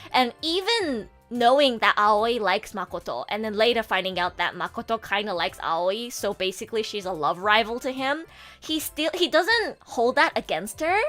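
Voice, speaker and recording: A woman streamer chatting casually and excitedly, with lots of fillers and swings into near-tearful gushing. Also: on the high side. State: emotional, near tears at times. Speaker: VTuber streamer. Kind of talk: casual livestream chat.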